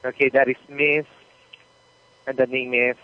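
A man's voice: medium pitch, flat delivery, unhurried. A man working as a customer service supervisor, speaking politely and patiently with hesitant fillers. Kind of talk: customer service phone call. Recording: tinny dry phone line.

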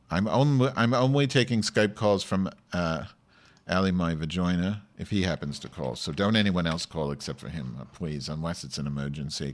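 A man's voice: low-pitched, lightly acted. A man playing a foul-mouthed, snappy woman host. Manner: profane, irritable, sarcastic rants at listeners. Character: brash foul-mouthed woman podcast host, short-tempered. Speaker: podcast host. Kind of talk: comedic podcast monologue.

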